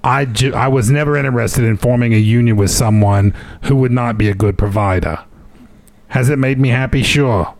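A man's voice: medium pitch, normal speed, a little mellow, no echo. A man co-hosting a casual podcast, reading an article aloud and adding dry jokes. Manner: dry joking asides between read quotes. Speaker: podcast co-host.

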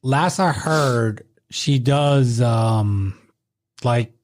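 A man's voice: medium pitch, extremely slow, a little mellow. A man co-hosting a casual podcast, talking hesitantly with many fillers.

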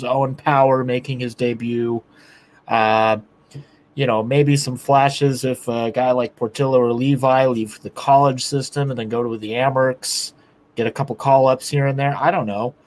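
A man talks hockey in casual podcast chat, blunt and sprinkled with swearing. His voice sits at an ordinary middle pitch, and he pushes his points home with plain force. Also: steady tone, normal speed. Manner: blunt, profane, rallying. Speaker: podcast co-host. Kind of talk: casual sports talk.

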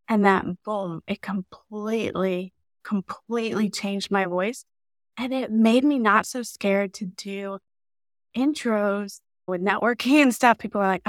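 A woman chats as a podcast guest, her voice sitting in a middle range for a woman. She tells stories in a lively, casual way and often says "like". The sound is dry and close. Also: mid-range voice, normal speed, no echo. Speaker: podcast guest, marketing mentor. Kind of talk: casual interview chat.

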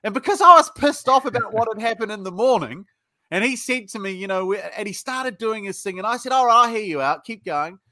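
A man's voice: sits high, lively intonation, fairly quick, pushed and bright, no room sound, clean studio sound. A middle-aged British man speaking as a sales trainer in a podcast interview, blunt and salty, acting out both sides of sales calls as he tells stories. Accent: British English. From United Kingdom.

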